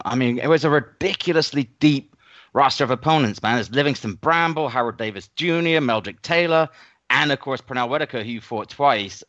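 A mid-pitched male co-host asking relaxed questions about a boxer's past opponents. The audio is dry and a bit dull, like a remote feed. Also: no room sound. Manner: conversational, frequent murmured backchannel. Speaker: co-host, interviewer. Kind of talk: interview questions.

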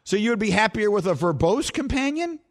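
A man's voice: high-pitched, big pitch swings, a little fast. A middle-aged man hosting a sports talk show, chatting in a playful, talkative, self-mocking way. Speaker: radio and podcast host. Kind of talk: casual sports talk banter.

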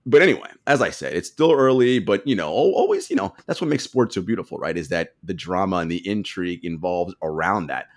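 A man's voice: deep voice, sing-song, a little fast, hardly any pauses. A man co-hosting a casual sports podcast, telling stories animatedly and laughing often. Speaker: podcast co-host.

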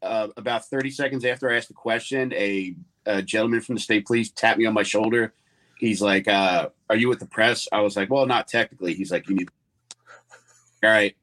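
A man's voice: on the low side, fairly even intonation, brisk, fairly bright tone. A man, a comedian guest rambling through a story in casual chat with lots of fillers.

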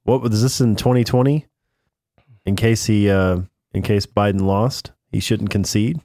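A man's voice: lowish voice, steady tone, measured pace, mellow, no room sound, clean studio sound. A man co-hosting a podcast, talking in a sarcastic, joking way in casual political chat. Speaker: podcast co-host.

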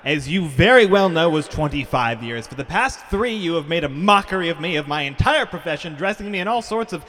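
A man's voice: fairly high pitch, lively intonation, brisk, a bit bright. A man improvising a formal, aggrieved longtime servant in a comedy sketch, with stammers when he gets flustered. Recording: long reverb.

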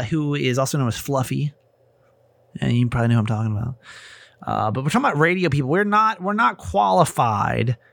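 A man's voice: fairly high pitch, gravelly, no room sound. A man hosting a casual podcast, chatty and repeating words for emphasis. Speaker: podcast host.

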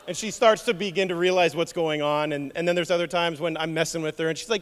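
A man preaches in a church. He tells stories in an animated, joking way and stumbles over repeated words. His voice sits a little high, and a long hall reverb trails behind each phrase. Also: fast talker, hardly any pauses, clean tone. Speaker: pastor. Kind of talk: sermon.

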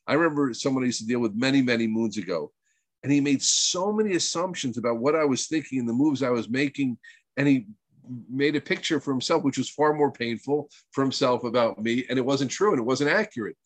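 A man's voice: medium pitch, fairly quick, no echo. A man teaching a weekly group session in an earnest, emphatic way, rambling with restarts and using Hebrew terms. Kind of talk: informal spiritual talk.

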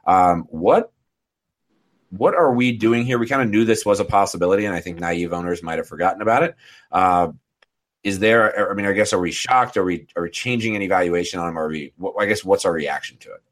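A man hosting a casual sports podcast, steering the discussion and tossing in quick sarcastic asides. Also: deep voice. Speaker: podcast host.

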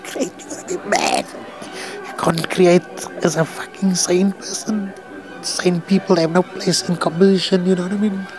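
A man's voice: sits high, level tone, normal speed, over music. A man, a composer, talking candidly and emotionally in a rambling, profane way from a hospital room.

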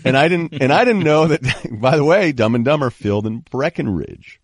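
Animated podcast host with lively pitch. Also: male voice, moderate pace, slightly rough, no room sound, studio quality. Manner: animated storyteller, acts out quoted people. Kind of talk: casual sports podcast chat.

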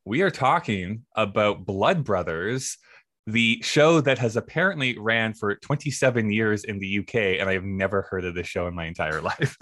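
A man guesting on a podcast, with a lowish voice and an easygoing manner. He laughs often as he talks, and the sound is dry and close. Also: normal speed, a bit bright, dry recording. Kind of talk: casual podcast chat.

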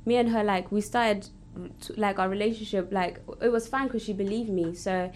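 A woman, a podcast guest in casual chat, talking haltingly with lots of fillers in an even tone. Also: medium pitch, slight background noise. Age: 20s.

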